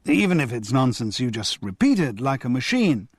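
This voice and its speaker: A man voicing an excitable older grandfather, playful and then stammering with urgency. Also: mid-range voice, normal speed, breathy edge, dry recording, studio quality.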